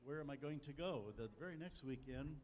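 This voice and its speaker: A man's voice: a little high, a little fast, darkish tone, a little hiss or hum. An older man preaching a sermon, telling a personal story in a folksy way with dry humor. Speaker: pastor. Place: church sanctuary. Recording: long church hall reverb, faint ambience.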